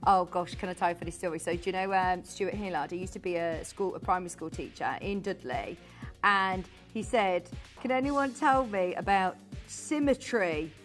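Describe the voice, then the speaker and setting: A woman presenting on a live shopping channel, chatty and bubbly, quickly rattling off prices and buyer names in a studio. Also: on the low side, fairly bright tone, faint music behind. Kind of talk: live TV sales patter.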